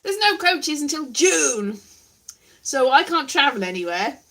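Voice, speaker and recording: A woman's voice: high-pitched, very animated, measured pace, a bit bright. A young woman vlogging casually to live viewers, rambling and self-mocking, now and then slipping into silly voices.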